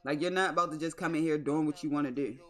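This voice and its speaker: A woman's voice: low-pitched, steady tone, quick pace. A young adult woman livestreaming, telling a story in a casual, exclamatory, profane way. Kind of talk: casual storytelling to a live stream.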